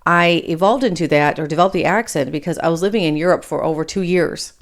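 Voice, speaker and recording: Michigan lady in her 40s or 50s with a bit of appalachian twang, low-ish voice, ranting bluntly and swearing, going off on tangents. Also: quick pace. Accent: Michigan, with a trace of Appalachian. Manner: blunt, swears casually, drifts off topic. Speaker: podcast host. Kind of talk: opinionated solo commentary.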